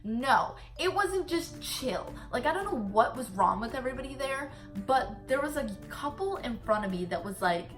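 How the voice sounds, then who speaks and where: A woman's voice: high voice, normal speed, hardly any pauses, faint music behind. A young woman vlogger, casually retelling a story with lots of "like" fillers. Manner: chatty, animated retelling full of "like" fillers.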